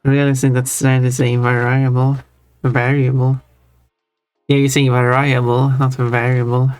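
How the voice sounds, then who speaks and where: A man's voice: medium pitch, monotone, measured pace, a little mellow, no echo, soft background music. Chatty man thinking aloud, dry close sound. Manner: thinks aloud, chatty, drifts into language tangents. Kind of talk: casual chat on a live stream.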